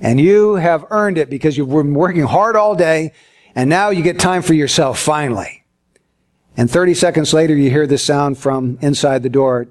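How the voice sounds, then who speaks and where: High-voiced preacher with folksy humor. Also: male voice, normal speed, darkish tone. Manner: earnest, storytelling with folksy humor. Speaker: pastor. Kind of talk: sermon.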